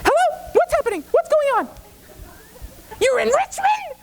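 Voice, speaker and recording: A man voicing a panicked, scolding mother who shrieks and nags in a very high voice. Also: big pitch swings, moderate pace, vocal fry, a little hiss or hum, heavily acted. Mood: frantic. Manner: shrieking, nagging, babbling. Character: shrill frantic scolding mother, middle-aged.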